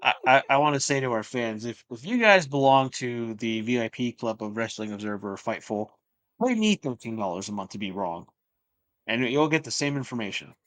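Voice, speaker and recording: A man co-hosting a casual wrestling podcast, talking bluntly in a flat, monotone way with constant swearing. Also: medium pitch, brisk. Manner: blunt, profane, self-described monotone. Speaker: podcast co-host.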